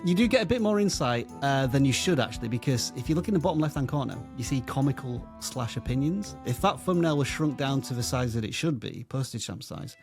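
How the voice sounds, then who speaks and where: Guy thinking out loud, mid pitch, kinda self-mocking, light music under. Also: expressive, fairly quick, few pauses. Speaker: quiz contestant, channel presenter. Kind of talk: casual thinking aloud.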